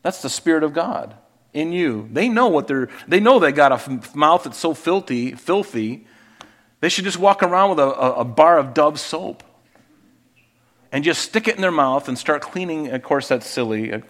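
A man's voice: a little high, lively intonation, normal speed, fairly bright tone. A middle-aged man preaching a sermon in a conversational way, asking rhetorical questions and restarting his sentences. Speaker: pastor.

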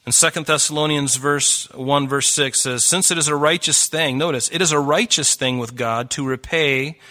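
A man's voice: fairly high pitch, fairly even intonation, normal speed, sharp tone. A middle-aged man preaching a sermon, earnest and pleading, his voice rising for emphasis.

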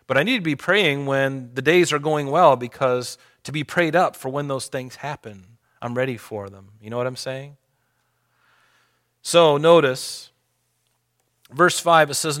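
A man preaching a sermon in an earnest, conversational way, slowing and lifting his voice when reading scripture aloud. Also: mid-range voice, a bit bright. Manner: conversational asides to the congregation. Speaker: pastor.

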